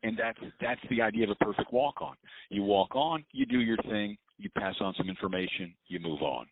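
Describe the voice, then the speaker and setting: A man's voice: on the low side, fairly quick, creaky, husky. A man hosting a casual conversation, talking reflectively with many "you know" fillers. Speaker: host. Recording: dry, phone-like narrow sound.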